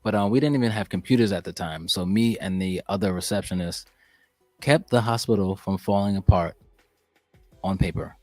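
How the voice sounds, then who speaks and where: A young man as a podcast guest, chatting casually and telling animated, profane stories. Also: low-pitched, normal speed, no echo, soft background music. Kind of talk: casual chat.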